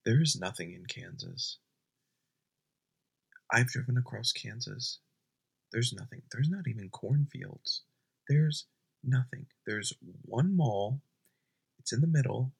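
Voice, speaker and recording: A young man doing a deadpan comedy bit at home at night, rambling and often dropping to a whisper. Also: mid-range voice, gravelly, slightly rough.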